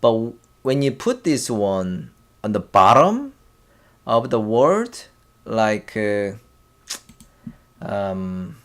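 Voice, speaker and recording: A man with a Korean accent teaching a language lesson in a slow, halting way, pausing often and drilling syllables aloud. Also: lowish voice. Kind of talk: casual whiteboard lesson.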